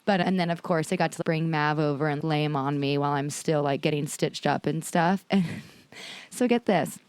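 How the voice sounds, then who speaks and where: A woman in her thirties co-hosting a podcast, telling a story in animated, casual chat and acting out quotes. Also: deep voice, moderate pace, smooth, no room sound. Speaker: podcast co-host.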